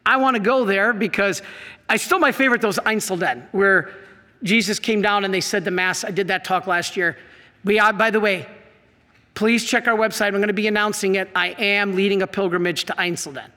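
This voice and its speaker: A man, a priest, telling a story in an animated talk, laughing and acting out the quotes. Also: sits high, a little fast. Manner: lively, laughs, acts out quotes, excitable. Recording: long hall reverb.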